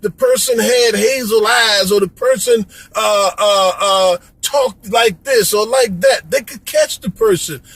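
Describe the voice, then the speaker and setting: Man, middle-aged, from Chicago, impassioned vlog rant, pleading, dry close sound, raspy edge. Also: high voice, animated, unhurried, hardly any pauses, fairly bright tone, no room sound, poor audio. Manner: preachy, pleading, repeats "come on, man". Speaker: vlogger. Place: Florida.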